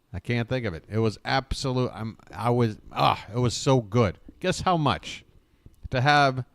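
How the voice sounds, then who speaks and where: A rambling American man hosts a casual live stream and talks to his viewers in the chat by name. His voice sits low and sounds smooth and clear. The sound is dry and close, with almost no room echo. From United States. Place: home abroad, living in Bangkok.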